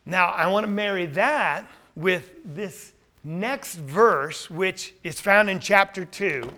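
A man's voice: high voice, slow, sharp tone. A man preaching a sermon who is losing his voice, talking earnestly and putting questions to his listeners before answering them himself.

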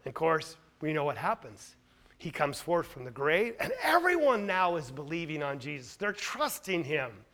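A man preaching a sermon, emphatic and full of rhetorical questions, swinging between loud stressed lines and quiet asides. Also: a little high, big pitch swings, moderate pace.

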